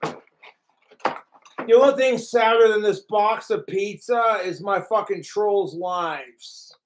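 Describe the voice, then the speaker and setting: Male livestreamer, high pitched, unhurried delivery; profane, mocking third-person rant aimed at his trolls. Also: a little hiss or hum, rough recording. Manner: mimics his trolls in sneering voices. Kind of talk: ranting livestream talk.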